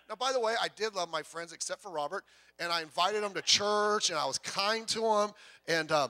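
A man preaching a sermon as pastor, in a lively, conversational way with jokes and quick self-repeats. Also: high voice.

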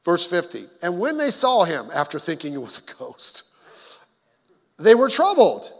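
A man's voice: high-pitched, huge pitch swings, a little slow. A man preaching a conversational sermon as pastor, folksy, with joking asides to the congregation. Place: church sanctuary. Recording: long hall reverb.

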